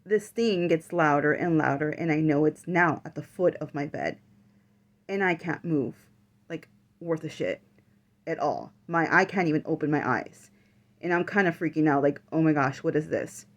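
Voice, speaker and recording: A woman's voice: deep voice, expressive, moderate pace. A woman vlogger telling a personal story in casual chat, full of fillers and the odd swear word.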